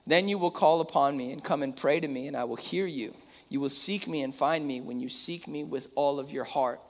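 A man's voice: fairly high pitch, fairly quick, long reverb tail. A young man preaching a sermon in a casual, talky way, reading scripture passages aloud with emphasis.

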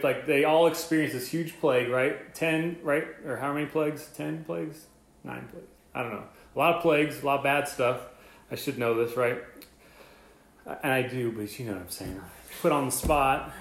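A man giving a casual, excited sermon as a pastor, talking conversationally with many fillers. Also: fairly high pitch. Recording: roomy echo.

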